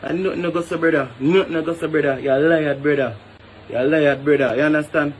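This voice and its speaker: A man's voice: fairly high pitch, steady tone, quick pace, a little hiss or hum. A man with a Jamaican accent, a hotel worker venting emphatically and tagging phrases with "brother". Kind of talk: venting to camera.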